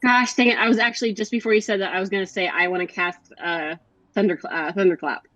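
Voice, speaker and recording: A woman playing in a tabletop game, chatty and excited. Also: medium pitch, fast talker. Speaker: player. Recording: dull lo-fi audio.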